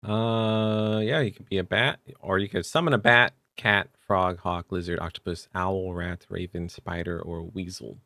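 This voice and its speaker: A man co-hosting a podcast, chatting casually about tabletop game rules with relaxed fillers. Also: low voice, measured pace, few pauses, dry recording, clean studio sound. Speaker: podcast co-host.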